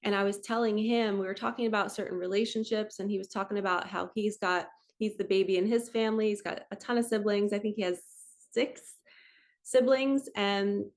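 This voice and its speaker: Gentle woman in her forties, spiritual coach. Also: mid-range voice, steady tone, brisk. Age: 40s. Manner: gentle, reflective, chatty with frequent "like". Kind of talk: casual spiritual talk to viewers.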